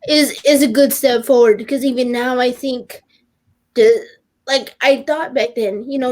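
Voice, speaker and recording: A teenage girl with a fairly high voice speaks as a guest on a podcast. She talks earnestly and with open emotion, often breaking off and restarting her sentences. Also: steady tone, darkish tone. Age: teens. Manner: earnest, halting, with many restarts; openly emotional. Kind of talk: personal podcast conversation.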